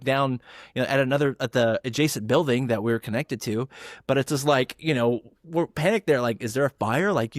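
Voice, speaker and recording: A man in casual podcast talk, telling a story from his work in retail pharmacy. His voice sits in a middle pitch and jumps high when he acts out the people in it. The sound is dry and close. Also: no echo. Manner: animated, acts out quotes with big pitch jumps. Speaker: pharmacist guest.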